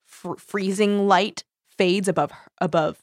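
A woman's voice: medium pitch, unhurried, dry recording, studio quality. A woman chatting casually about a book, laughing often and acting out the characters with swearing. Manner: giggly, animated, acts out characters with swearing.

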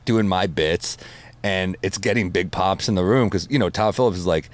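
A man, a comedian guest, telling animated stories with a lot of swearing in a casual podcast chat. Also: low-pitched, moderate pace.

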